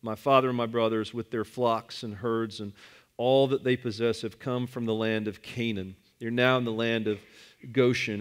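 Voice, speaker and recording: A man delivering a church sermon in a voice of ordinary, middle pitch. He reads the passage aloud in a measured way, then preaches, leaning into key words and repeating them for emphasis. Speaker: pastor. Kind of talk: sermon with scripture reading.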